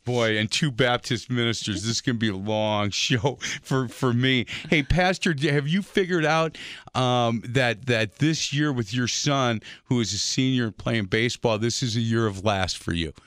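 A man's voice: medium pitch, moderate pace, a bit bright, dry recording, studio quality. Teasing, jovial radio host, a man. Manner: teasing, jovial, rambling with restarts. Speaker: radio show host, former high school basketball coach. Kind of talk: casual radio chat.

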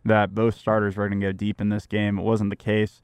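A young man co-hosting sports talk radio. His voice is lowish and smooth, and he reels off stats in a measured way. The studio sound is dry. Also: monotone, darkish tone, no room sound. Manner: stat-heavy, measured.

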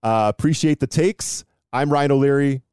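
A man's voice: mid-range voice, normal speed, a little mellow, smooth, no echo, studio quality. A man hosting a sports podcast, chatting casually and animatedly, poking fun at himself and laughing often. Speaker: podcast host.

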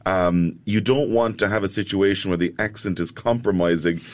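A man with a very deep voice talks about directing plays in a radio studio. He pauses a lot and restarts his sentences, feeling his way to each point. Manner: hesitant, many fillers and restarts. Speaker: theatre director. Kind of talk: casual studio chat.

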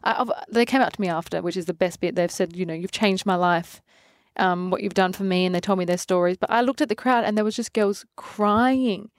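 A woman in her twenties from Adelaide with an Australian accent, a fitness trainer telling lively stories in an interview, acting out quotes and laughing often. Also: mid-range voice, a little fast, no room sound, studio quality. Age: 20s. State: pregnant. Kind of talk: casual interview.

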